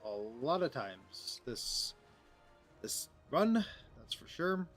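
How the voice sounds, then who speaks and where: A man's voice: medium pitch, sing-song, slow, a bit bright, faint music behind. Rambling, joking male gamer. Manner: rambling, joking asides with filler words. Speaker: gaming streamer. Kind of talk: casual gameplay commentary.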